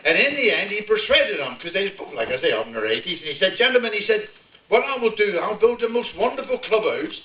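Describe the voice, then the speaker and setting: A man's voice: sits high, very animated, brisk. An older man with a broad West Country accent, telling a humorous rural story with chuckles to a live audience. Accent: West Country English. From Devon, England. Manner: broad rural yarn-spinning, chuckling as he tells it. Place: village hall, live audience. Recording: echoey hall, distant mic, dull sound.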